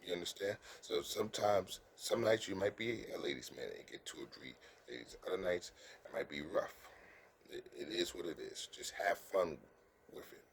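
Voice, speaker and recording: With slight background noise, a man whose voice sits low talks to the camera, giving casual dating advice as an earnest coach. Words trip him up often; he's halting and repetitive, always asking "you understand?"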